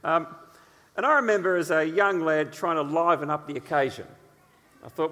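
A man preaching a sermon, telling stories in an animated way, with his voice sitting on the higher side. His words carry the long reverb of a big hall. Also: normal speed. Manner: animated storytelling with frequent uh fillers.

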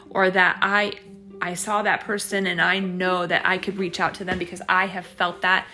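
A woman's voice: fairly low pitch, little pitch movement, normal speed, sharp tone, soft background music. A woman hosting her own podcast, talking casually and encouragingly about faith, with lots of fillers and restarts. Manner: chatty and reflective, with many fillers and restarts; faith-based encouraging talk. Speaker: podcast host. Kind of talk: casual solo podcast monologue.

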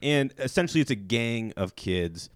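A man's voice: medium pitch, lively intonation, moderate pace, dry recording, studio quality. A man with a Midwestern accent hosting a casual movie podcast, animatedly acting out characters as he recaps the plot. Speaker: podcast host.

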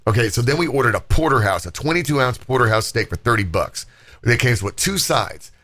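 A man hosting an uncensored podcast, telling stories in a rambling, profane, animated way. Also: mid-range voice, a little fast. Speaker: podcast host. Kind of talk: uncensored casual podcast chat.

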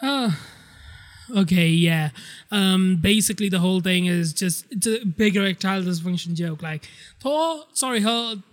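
A man hosting a casual spoiler podcast, rambling excitedly and swearing a lot as he recaps a movie. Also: sits high, normal speed. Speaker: podcast host.

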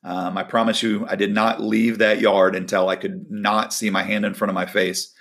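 A man with a low, gravelly voice gives a casual devotional talk as a volleyball coach. He tells a personal story, voicing the people in it as he goes. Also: level tone, moderate pace, fairly bright tone. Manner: storytelling, acts out quoted dialogue.

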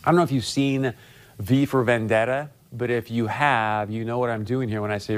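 A man's voice: medium pitch, steady tone, moderate pace, smooth. Guy hosting a political talk show, punchy, keeps repeating his points to the viewers. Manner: emphatic, repeats key phrases, addresses audience directly. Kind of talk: political commentary monologue.

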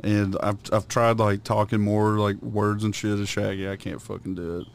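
A man's voice: fairly low pitch, flat delivery, moderate pace, vocal fry. A man co-hosting a podcast, telling stories and trying out impressions, laid-back and profane, laughing often. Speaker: podcast co-host. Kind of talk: casual chat doing impressions.

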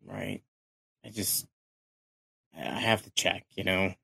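A young man playing in a tabletop game, relaxed and hesitant. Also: sits low, takes it slowly, creaky, breathy edge, no echo, clean studio sound. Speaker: player.

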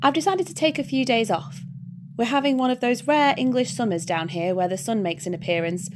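A prim, anxious male angel, read by a woman talks in a polite, hurried, fretful way. His courtesy runs quick and nervous in a storybook reading. A steady hiss sits under the recording. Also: on the high side, voice pushed up, natural voice. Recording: background hiss.

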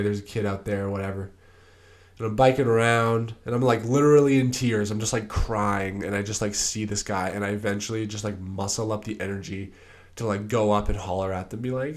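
A young man hosting his own podcast, telling stories in a laid-back, rambling way with lots of fillers. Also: lowish voice. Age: young adult. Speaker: podcast host. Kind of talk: casual solo podcast storytelling.

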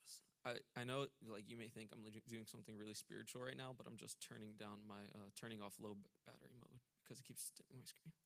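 A man's voice: fairly low pitch, level tone, fast talker, creaky, a bit bright, no room sound. A young man with a Texan accent preaching a casual youth sermon in a church, joking and chatty, with many fillers between scripture readings. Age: young adult. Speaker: minister. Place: church sanctuary.

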